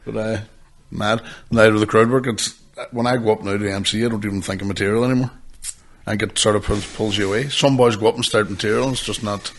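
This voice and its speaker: A man's voice: fairly low pitch, fairly even intonation, fast. A young man, a stand-up comedian swearing and rambling through stories in casual podcast chat.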